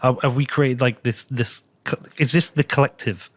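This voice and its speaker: A man hosts a podcast, opening up candidly about his life with casual swearing. His voice sits at an ordinary pitch for a man and is recorded dry, with no room echo. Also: fairly even intonation, moderate pace, a bit bright. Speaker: podcast host. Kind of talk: casual interview conversation.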